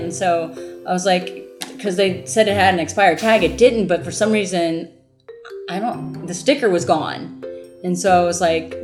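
A woman, the founder of a mobile book bus, telling her story in an interview, animated and laughing as she acts out what people said. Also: lowish voice, normal speed, soft background music.

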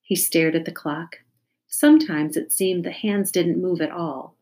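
A woman calmly reading a children's chapter book aloud as narrator. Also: fairly low pitch, unhurried.

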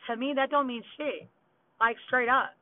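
A woman's voice: high voice, fairly even intonation, normal speed. Blunt, foul-mouthed woman on tinny audio. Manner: blunt, heavy swearing, rambling asides. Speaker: podcast host. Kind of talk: casual storytelling monologue.

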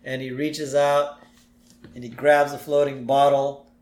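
A man's voice: medium pitch, flat delivery, a little slow, darkish tone. A man co-hosting a podcast, chatting animatedly and laughing often as he recaps an episode. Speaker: podcast co-host. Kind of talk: casual episode recap chat. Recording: roomy echo.

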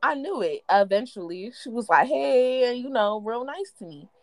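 A woman's voice: a little fast, dry recording. A young woman co-hosting a podcast, telling gossip stories in casual chat and mimicking the people in them. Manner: animated gossiping, mimics others in high and low voices. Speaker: podcast co-host.

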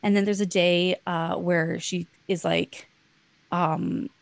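A woman's voice: on the low side, steady tone, takes it slowly, no echo. A young woman co-hosting a podcast, casually retelling a novel's plot in a rambling way, full of "like" and the odd swear word. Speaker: podcast co-host.

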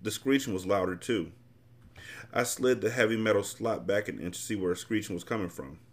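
A man's voice: lowish voice, brisk. A man hosting a podcast, reading a novel aloud and then commenting bluntly and casually. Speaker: podcast host and reader.

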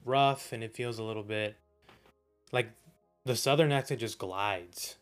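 A man's voice: on the low side, measured pace, clear, resonant tone, soft background music. A young man from the American South co-hosting a podcast, chatting casually and laughing often. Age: young adult. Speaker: podcast co-host. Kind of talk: casual chat.

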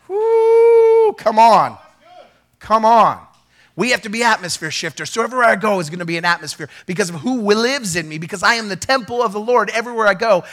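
A man, a pastor, preaching an animated sermon, acting out quoted conversations and rising to shouts. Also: sits high.

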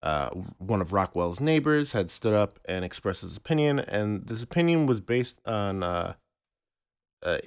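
A man with a fairly low voice co-hosts a casual podcast about art history. He explains things haltingly and restarts often. The sound is dry and close to the mic. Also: big pitch swings, smooth, dry recording. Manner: halting, many fillers and restarts. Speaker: podcast co-host.

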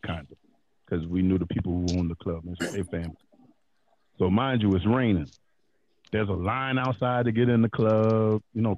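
A man's voice: lowish voice, darkish tone, lo-fi sound. A man casually telling a long, profane, slang-filled story on a podcast.

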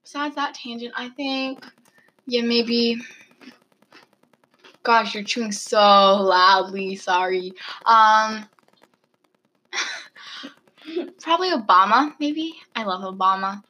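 A woman's voice: fairly high pitch, slow, long pauses, pushed and bright, rough recording. A teenage girl chatting with a friend, dramatic and exclamatory, going off on tangents. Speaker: friend asking questions. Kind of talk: casual chat.

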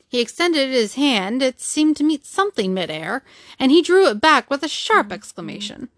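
A woman narrating a classic novel as an audiobook reader, steady and measured, close to the mic. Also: sits high, dry recording. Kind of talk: storybook narration.

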